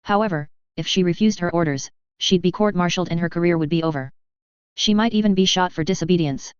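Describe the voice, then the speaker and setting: A narrator reading a fan fiction story aloud in a steady, even storytelling voice. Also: mid-range voice, fast talker, clear, resonant tone, no room sound. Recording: dry, slightly dull lo-fi recording.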